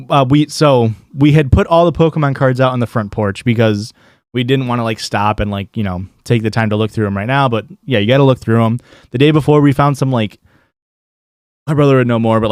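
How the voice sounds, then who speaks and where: Male streamer, casual rambling storyteller, profane, medium pitch, dry close sound. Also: no echo. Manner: rambling, profane, lots of likes and restarts.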